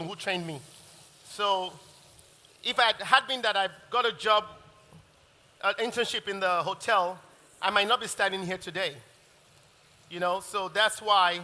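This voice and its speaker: In a big hall with long reverb, a bright, high-voiced male chef gives a live cooking masterclass. He talks in a chatty, meandering way, often breaking off to restart his sentences.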